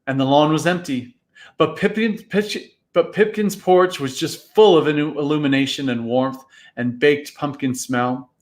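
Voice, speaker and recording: A man reading a storybook aloud in a live reading, with an expressive, dramatic delivery. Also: fairly high pitch, unhurried.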